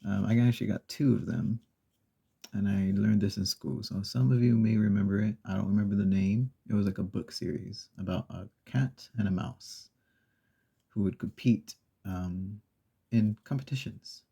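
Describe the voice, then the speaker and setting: A man with a gravelly, breathy voice, retelling a children's story as a soft-spoken ASMR host, slow and meandering with pauses. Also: fairly low pitch, dull audio.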